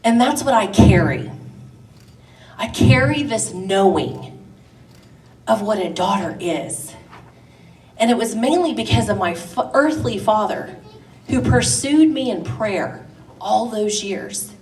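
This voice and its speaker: A woman's voice: mid-range voice, lively intonation, slow pace, long pauses, darkish tone. A middle-aged woman preaching to a women's gathering, passionate and rising to emphatic declarations. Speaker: women's event speaker. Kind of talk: sermon. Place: church hall. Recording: echoey church room, distant mic.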